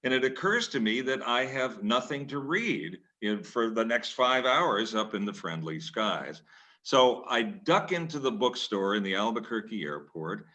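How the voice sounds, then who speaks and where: An older man, a former newspaper columnist, telling a lively, self-deprecating story to an audience and acting out the scenes. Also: fairly low pitch. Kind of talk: anecdotal storytelling talk.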